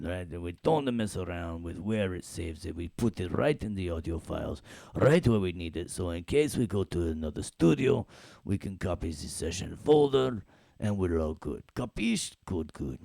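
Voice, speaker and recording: Playful deep-voiced male audio instructor. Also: vocal fry, warm tone, dry recording, clean studio sound. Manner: playful, jokey, talks to the class. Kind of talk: live classroom software tutorial.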